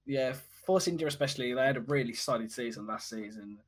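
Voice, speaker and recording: Husky-voiced man rambling in chat. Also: mid-range voice, fast talker. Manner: rambling, repeats himself, gets loud when joking. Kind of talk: casual chat.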